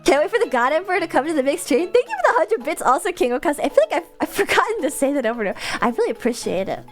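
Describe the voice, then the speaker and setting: A young woman streaming live and chatting with her viewers, her voice sitting high and swinging widely in pitch. She talks in a loose, animated way, laughing often and swearing casually. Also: rapid-fire, faint music behind. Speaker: livestreamer. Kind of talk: casual chat reading viewer comments.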